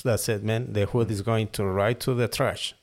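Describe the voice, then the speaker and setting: A man from Mexico whose first language is Spanish, speaking halting English with a Mexican accent as a guest in a casual interview, often repeating words as he searches for them. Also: lowish voice, fairly even intonation, a little mellow. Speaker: guest falconer and hood maker.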